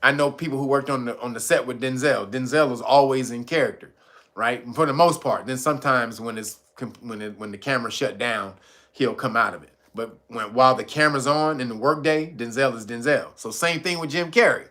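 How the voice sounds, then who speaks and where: Male streamer, bright edgy tone, chatty storyteller who keeps breaking into laughter. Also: medium pitch, a little fast. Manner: laughs often, retells jokes with put-on voices. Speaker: streamer host. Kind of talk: casual storytelling.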